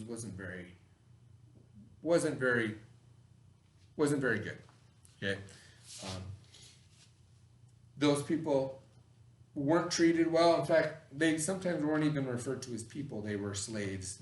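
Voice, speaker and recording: A man's voice: mid-range voice, slight background noise. A male teacher giving a lesson to children in a classroom, patient and often checking in with "okay?" and "right?". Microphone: camera across the room. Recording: echoey classroom, from far off.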